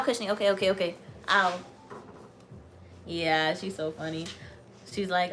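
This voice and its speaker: An American woman hosting a livestream, reading a book aloud with steady emphasis and breaking into bubbly, chatty asides to her viewers. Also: on the low side, normal speed, pauses often, a little hiss or hum. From United States. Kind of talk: reading aloud to live viewers, with casual chat.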